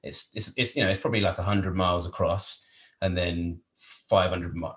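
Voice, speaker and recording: An English man, a podcast guest, telling a long travel anecdote in a casual, animated, rambling way with frequent laughs. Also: low-pitched, normal speed. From England.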